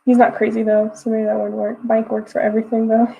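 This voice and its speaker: This young woman's writing livestream is casual chat with viewers, full of giggles, comment reading and loose, restarting phrases. Her fairly high voice is brisk, with vocal fry and little pitch movement, on phone-quality audio with a little hiss or hum.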